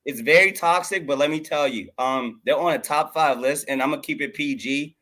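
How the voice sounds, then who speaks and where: A man's voice: on the high side, brisk, bright, forceful tone. A young man co-hosting a casual reality-TV recap, laid-back and joking, laughing easily. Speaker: podcast co-host.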